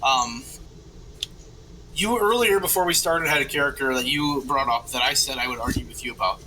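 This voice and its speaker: A man's voice: medium pitch, moderate pace, noisy background. A man co-hosting a casual podcast chat, telling stories with energy and swearing freely. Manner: animated storyteller, swears freely. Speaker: podcast co-host.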